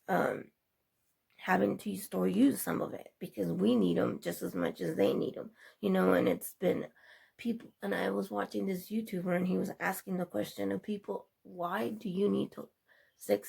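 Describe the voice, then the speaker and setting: A woman's voice: medium pitch, fairly even intonation, moderate pace, gravelly, mellow, breathy edge. A young woman vlogger chatting casually, retelling a long everyday story in a rambling way, with lots of quoted dialogue.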